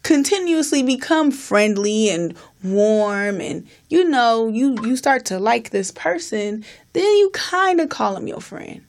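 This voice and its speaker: Brief: young woman podcast co-host, slightly high voice, laid-back, explains with lots of "you know.". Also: measured pace, hardly any pauses. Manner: relaxed, explains step by step with many "you know"s. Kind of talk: casual podcast chat.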